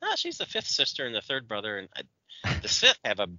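A man's voice: mid-range voice, wildly swooping pitch, quick pace, bright, forceful tone, no room sound, dull audio. A man co-hosting a podcast in casual chat, opinionated and ranting. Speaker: podcast co-host.

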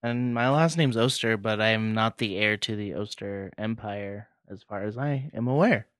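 A man's voice: fairly low pitch, moderate pace, a bit bright, clear, resonant tone, no room sound, clean studio sound. A man hosting a podcast with friends, chatting in a casual, joking way. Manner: laid-back, joking. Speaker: podcast host. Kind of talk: casual chat.

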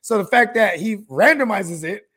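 A man hosts a casual podcast chat in a high, gravelly voice. He tells the story in a profane, animated way and acts out each quote. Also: moderate pace. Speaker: podcast host.

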